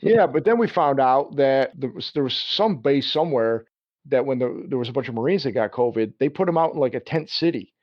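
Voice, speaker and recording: A man's voice: mid-range voice, lively intonation, a little fast, dry recording. A man hosting a casual podcast chat, rambling and laughing often. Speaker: podcast host, Marine veteran. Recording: dry lo-fi podcast audio.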